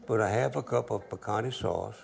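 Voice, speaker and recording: An older man hosts a cooking show, cooking and telling stories in an easygoing, joking way with dialect grammar, a folksy demonstration. His lowish voice is gravelly with a breathy edge and moves at a moderate pace.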